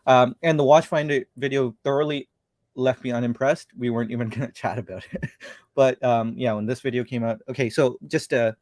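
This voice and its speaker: A man's voice: medium pitch, steady tone, brisk, a little mellow, no echo, clean studio sound. A man hosting a casual livestream chat, rambling and thinking aloud as he talks. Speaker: show host.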